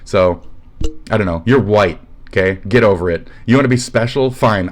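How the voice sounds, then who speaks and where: A man's voice: lowish voice, moderate pace. A young man with a Midwestern American accent, a streamer ranting sarcastically and swearing nonstop as he mocks commenters. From Midwest USA. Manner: abrasive, sarcastic, mocking, swears constantly. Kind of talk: profane ranting livestream commentary.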